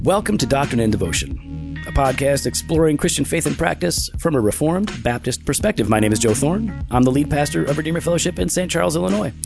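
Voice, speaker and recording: A man's voice: a little high, expressive, vocal fry, loud music behind the voice. A man who leads a church, co-hosting a podcast and teasing his co-host in casual, playful banter. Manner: teasing, playful, quick comebacks. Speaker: podcast host and lead pastor.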